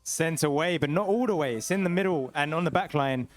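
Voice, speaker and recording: A young man co-commentating a live esports match with steady, analytical play-by-play. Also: a little high, fairly quick, faint music behind.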